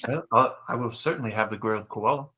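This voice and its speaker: A man's voice: medium pitch, fast talker, background noise. A man playing in a tabletop game, making playful, mock-earnest remarks in casual chat. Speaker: player.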